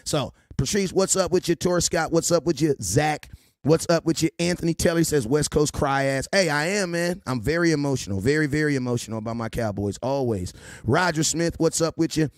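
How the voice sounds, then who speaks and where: A man hosting a casual sports livestream, shouting out viewers by name and teasing them like a preacher. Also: on the high side, dry recording, clean studio sound. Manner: rapid shout-outs to viewers, playful preacher-style teasing. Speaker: livestream host.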